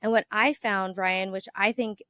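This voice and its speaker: A woman's voice: measured pace, clear, resonant tone. A woman hosting a health podcast in casual conversation, telling stories animatedly and acting out quoted exchanges, with frequent "like" fillers. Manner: animated storyteller, acts out quoted exchanges with sudden lifts in pitch and volume. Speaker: podcast host and health coach.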